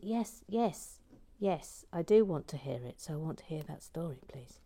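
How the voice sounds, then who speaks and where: A woman's voice: deep voice, lively intonation, normal speed, mellow. A woman hosting a stream, reading chat comments in a playful manner and often dropping into a whisper. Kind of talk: casual chat.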